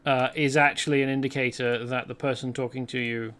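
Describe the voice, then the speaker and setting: A man's voice: mid-range voice, flat delivery, brisk, fairly bright tone. A man hosting a let's play, rambling chattily through gameplay commentary and correcting himself as he goes.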